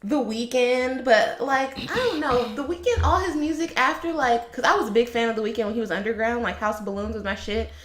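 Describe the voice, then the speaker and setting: A woman's voice: on the high side, fairly quick, hardly any pauses, background noise. Candid woman podcast co-host, echoey room. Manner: candid, laughing, profane. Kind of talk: casual chat.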